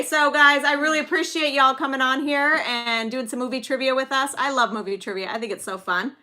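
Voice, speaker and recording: A chatty woman in her thirties hosting a live trivia stream for her viewers. Her voice is bright, forward and sits a little high. She giggles easily and wanders into small anecdotes between questions. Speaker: livestream trivia host and mother. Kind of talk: casual live-stream chat.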